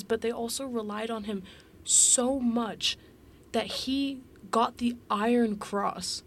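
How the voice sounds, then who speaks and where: A young woman co-hosts a casual podcast, her voice carrying a gravelly fry. She tells stories in a chatty rush, acting out quotes and leaning on "like". A faint hiss sits under the recording. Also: fairly high pitch, fairly even intonation, slow pace. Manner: chatty storyteller, acts out quotes, many fillers. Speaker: podcast co-host. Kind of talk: casual chat.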